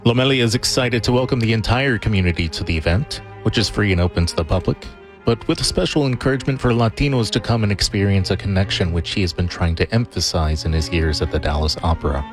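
A male radio reporter reading a scripted news segment in a measured, even way. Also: on the low side. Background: music bed.

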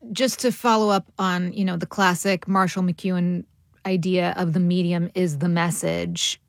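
A woman's voice: fairly low pitch, flat delivery, moderate pace, vocal fry, no echo, studio quality. A woman interviewing on radio, asking probing follow-up questions and cutting in to clarify.

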